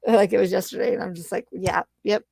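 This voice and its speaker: Animated woman host, creaky voice. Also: medium pitch, rapid-fire, dry recording. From Arizona. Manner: animated storytelling with frequent laughs and fillers. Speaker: channel host. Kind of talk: casual livestream chat.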